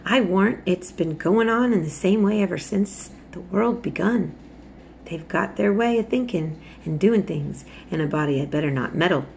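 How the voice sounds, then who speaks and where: A woman voicing a gentle, patient country boy who speaks softly in Yorkshire dialect. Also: on the low side, vocal fry, slight background noise. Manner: hushed, soft-spoken.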